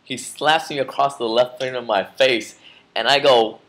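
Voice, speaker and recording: A man's voice: mid-range voice, measured pace, fairly bright tone. A man casually telling a story to camera in a vlog, rambling with lots of fillers and restarts. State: just woke from a nap. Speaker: vlogger.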